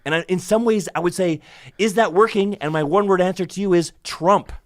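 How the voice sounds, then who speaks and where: A man from Canada speaking as a podcast guest in casual conversation, animated and emphatic, swearing a lot. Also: high-pitched, fast talker, no echo, clean studio sound.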